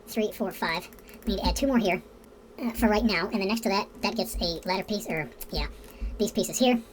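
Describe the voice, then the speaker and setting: This building tutorial host has a medium-pitched, somewhat mellow voice, with a little hiss or hum in the audio. Addressing viewers casually, she counts blocks aloud and swears quietly whenever pieces fail to line up.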